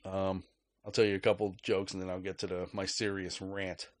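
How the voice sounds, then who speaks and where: A podcast host with a low, fairly flat voice tells a story at normal speed as a casual rant. He's profane, sarcastic, and joking, and the recording is dry.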